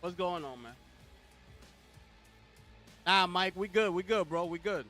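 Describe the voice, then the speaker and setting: A man's voice: sits high, expressive, a little slow, bright, forceful tone. A young man, hosting a casual livestream. He hypes up his chat and calls out to them with repeated slang. Faint music plays behind him. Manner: hyped, talks straight to chat with repeated slang call-outs. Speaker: livestream host. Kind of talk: casual live co-stream chat.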